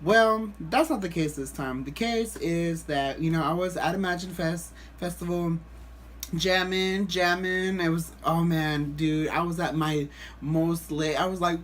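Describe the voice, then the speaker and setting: A man vlogging, telling a story to the camera in a rambling, animated way with lots of restarts. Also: a little high, measured pace, a little hiss or hum.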